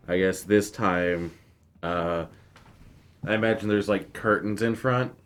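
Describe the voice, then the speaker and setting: Brief: a low-voiced male player, casual and halting. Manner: halting, searching for words. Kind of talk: casual tabletop game play.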